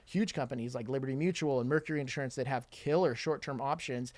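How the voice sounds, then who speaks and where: A man's voice: mid-range voice, fast talker, a little mellow, dry recording. A middle-aged man, an insurance agency owner, talking as a guest on a podcast. He explains things at length and keeps adding "right?" to check in. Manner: explains at length, with frequent "right?" tag questions. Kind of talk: casual podcast conversation.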